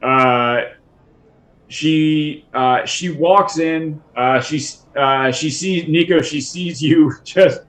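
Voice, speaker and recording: A man narrating a tabletop roleplaying game as its game master. He talks slowly, stumbling over restarts and fillers, with frequent chuckles between phrases. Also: fairly high pitch, a bit bright. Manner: halting, full of uh and restarts, chuckles often.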